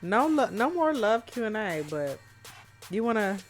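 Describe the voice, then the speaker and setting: A woman's voice: mid-range voice, sing-song, unhurried, music in the background. A woman co-hosting a podcast, teasing and playful in casual chat. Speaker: podcast co-host.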